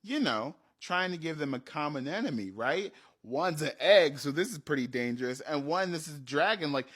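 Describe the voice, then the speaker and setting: Man, casual storyteller, bright and swooping, tags lines with "right?". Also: a little high, normal speed, breathy edge. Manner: animated, tags sentences with "right?".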